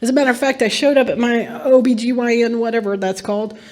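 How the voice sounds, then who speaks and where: A middle-aged woman with a fairly high voice gives a personal testimony at a recovery meeting. She tells her story earnestly and with emphasis, and often breaks into laughter. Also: fairly even intonation, fast talker, darkish tone.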